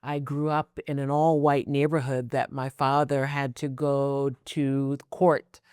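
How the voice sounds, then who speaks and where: American podcast host, smooth dry voice. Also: mid-range voice, level tone, a little mellow, no echo. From United States. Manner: thoughtful, measured, occasional fillers. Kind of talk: casual interview conversation.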